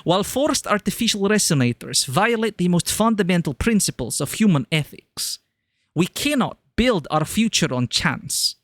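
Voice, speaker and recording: A man's voice: sits high, big pitch swings, normal speed, a bit bright, no room sound, studio quality, voice pushed up. A man voicing a formal official who presents a giant mech program, reading in a put-on generic British accent with stiff, declamatory delivery. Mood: declaring.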